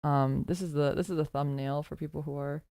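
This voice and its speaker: A woman's voice: deep voice, fairly even intonation, brisk, dark tone, no echo, clean studio sound. A woman streamer in casual chat, laughing as she reads out her old skit scripts.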